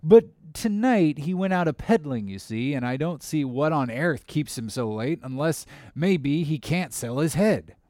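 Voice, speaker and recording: A man's voice: fairly high pitch, expressive, a little slow, hardly any pauses, a little mellow, no echo, studio quality. A man reading an audiobook, voicing a teasing male innkeeper with a folksy rustic drawl. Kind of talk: audiobook character voice.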